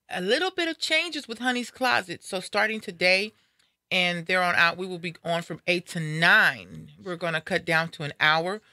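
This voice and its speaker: A woman's voice: on the low side, pushed and bright, dry recording, studio quality. A middle-aged woman hosting a live talk show in a casual, upbeat, playful way. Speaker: radio show host.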